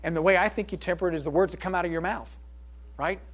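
An earnest middle-aged man talks informally to a small group, his voice sitting a little higher than most men's. He speaks in a loose, conversational way and keeps checking in with his listeners. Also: fairly even intonation, fast talker. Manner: earnest, conversational, leans on tag questions. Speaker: speaker leading a group session. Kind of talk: informal talk with audience questions.

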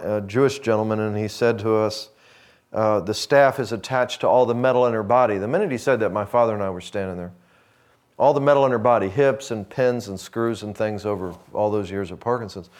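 A middle-aged man preaching a sermon. He tells his story with deep feeling, sinking to a near hush and then rising to fervent emphasis. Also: brisk. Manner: emotional storytelling, swells from hushed to fervent.

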